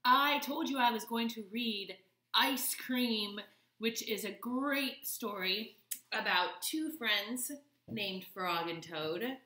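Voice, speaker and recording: A woman's voice: fairly high pitch, reverberant. A young woman reading a picture book aloud to children in a teacherly manner. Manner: slow, lively, teacherly. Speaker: children's story reader.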